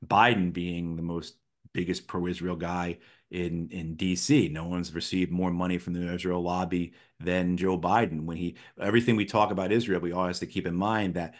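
Man, middle-aged, deep voice, interview guest, thoughtful, restarts often. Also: little pitch movement, moderate pace. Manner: thoughtful, frequent restarts and fillers. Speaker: interview guest, former Marine officer. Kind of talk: conversational political analysis.

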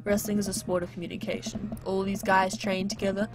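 A woman reading aloud as a soft-spoken, bookish middle-aged male teacher in a game, quiet and earnest. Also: medium pitch, level tone, brisk, vocal fry, lightly acted. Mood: explaining. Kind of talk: reading a game's dialogue aloud. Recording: game music playing behind.

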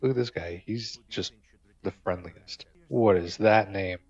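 A man's voice: low-pitched, unhurried, a little mellow, breathy edge, dry recording, muffled recording. A man giving casual, joking gameplay commentary, swearing and talking back to game characters. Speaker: gamer.

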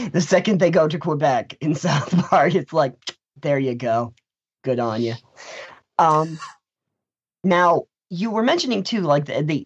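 A man's voice: on the high side, slightly rough, muffled recording. A man hosting a game podcast, asking questions and cracking playful jokes. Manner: joking, playful asides. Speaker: podcast host. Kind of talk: podcast interview.

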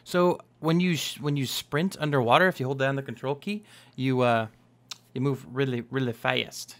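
A young man chatting casually as he narrates his own gameplay, upbeat and quick to exclaim. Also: medium pitch, fairly even intonation. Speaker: Minecraft let's play host.

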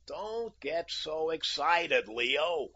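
A man's voice: mid-range voice, lively intonation, unhurried, sharp tone, breathy edge, exaggerated voice. A man voicing a brash, cool-headed young American. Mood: mocking, confident. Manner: cool, bargaining and mocking. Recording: dull lo-fi audio.

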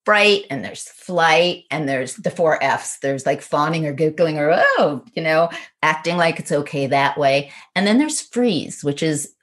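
A woman with a low, grounded voice tells a personal story on a podcast. She speaks earnestly and reflectively, acting out both sides of a remembered conversation. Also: unhurried, fairly bright tone. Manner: earnest, reflective, retells dialogue in quotes.

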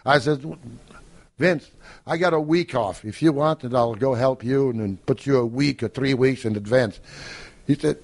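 An older man, a podcast guest, telling lively anecdotes, acting out the voices of people he quotes and laughing often. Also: mid-range voice, moderate pace. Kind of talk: anecdotal storytelling.

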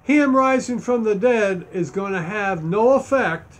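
A man's voice: high voice, lively intonation, unhurried. A man preaching, reading scripture aloud and stressing its key points. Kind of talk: Bible teaching sermon.

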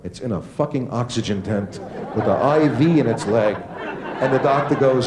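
Brief: man, stand-up comic, crude and animated, live club mic, roomy echo, loud audience behind. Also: normal speed, crowd noise, noisy background. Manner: crude, animated, jumps into high squeaky voices for quoted characters. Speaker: stand-up comedian. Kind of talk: stand-up comedy set. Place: comedy club stage with a laughing audience.

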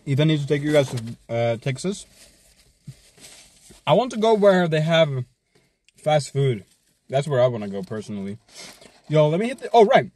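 A man chats casually while he eats on a live stream. His voice sits a little high and is husky, with lively leaps in pitch. The sound is dry and close, and his delivery is loose, jokey and full of swearing. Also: moderate pace, long pauses. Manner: hyped, joking, swears a lot, chews and hums between bites.

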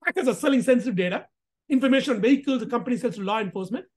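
A woman hosting a casual commentary vlog, talking in an animated, emphatic way with rhetorical questions and restarts. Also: a little high, rapid-fire, slightly rough. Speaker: host.

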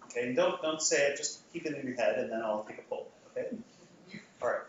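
A man lectures to a room, polling the audience and talking loosely with plenty of fillers and restarts. He sits at a middle pitch, and his voice sounds distant from the mic. It reaches the listener through a heavily echoing hall with a dull, muffled tone. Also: quick pace, slight background noise. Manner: conversational, frequent restarts and fillers.

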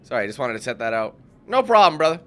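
A man's voice: mid-range voice, sing-song, rapid-fire, slight background noise. A young man casually commentating a game, chatty and swearing when frustrated. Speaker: gameplay commentator. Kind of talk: casual let's play commentary.

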